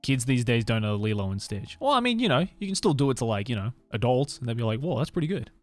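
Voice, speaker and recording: A man's voice: mid-range voice, sing-song, quick pace, soft background music. A young man with an Australian accent chatting casually with his live-stream viewers, loose and rambling, swearing and laughing often.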